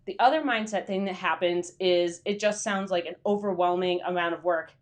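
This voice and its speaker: A woman's voice: lowish voice, brisk. Chatty woman hosting a live stream. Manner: chatty, with many fillers and quoted inner voices; greets viewers by name. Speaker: freelance writing coach hosting a live stream. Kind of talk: casual live-stream talk.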